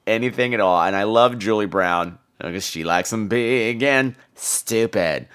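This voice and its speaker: A woman calling in to a podcast and telling a rambling story, jumping into high impressions. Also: unhurried, clear, resonant tone. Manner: animated, jumps into high-pitched impressions. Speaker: caller.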